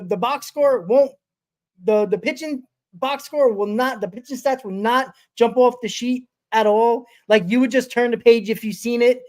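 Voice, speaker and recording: A man hosting a sports fan show from his small home studio, ranting fast and excitedly, swearing and repeating himself. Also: extremely high pitch. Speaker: host. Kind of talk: excited postgame fan rant.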